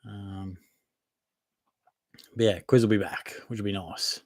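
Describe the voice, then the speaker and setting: A man's voice: on the low side, steady tone, slow pace, darkish tone, no room sound, studio quality. A young man with an Australian accent hosting a live Q&A, reading out viewer comments and answering in a casual, matey way, often laughing at himself. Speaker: fantasy football podcast host.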